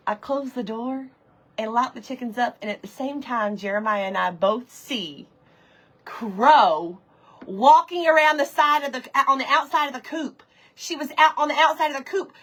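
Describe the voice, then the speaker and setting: Chatty woman with a bright voice. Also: sits high, low-quality recording. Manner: chatty, animated, greets viewers by name mid-story. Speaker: livestream host. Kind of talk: casual storytelling while reading live comments.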